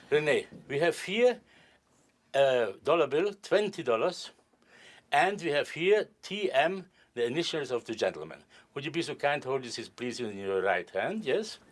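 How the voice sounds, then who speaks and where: An older man performing as a stage magician, joking and courtly with volunteers in careful. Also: on the high side. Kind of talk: live magic performance patter.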